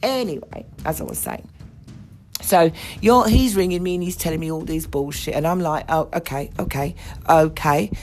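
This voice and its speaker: A woman's voice: lowish voice, big pitch swings, normal speed, darkish tone, soft background music. A woman hosting her own podcast, ranting bluntly and indignantly with plenty of swearing. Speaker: podcast host. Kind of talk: ranting monologue.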